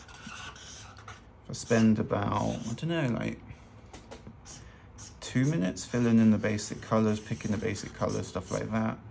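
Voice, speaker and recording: Lowish gravelly guy rambling through a drawing tutorial, faint room noise behind. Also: fairly even intonation, measured pace, long pauses, darkish tone. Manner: loose, chatty, self-deprecating, laughs often. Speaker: fashion illustrator teaching. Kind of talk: casual drawing tutorial narration. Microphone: hands-only overhead camera.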